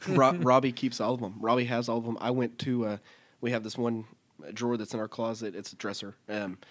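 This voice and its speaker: This podcast co-host, a man in his thirties, swaps stories in a casual chat, animatedly acting out voices and laughing a lot. His mid-range voice moves at a brisk clip.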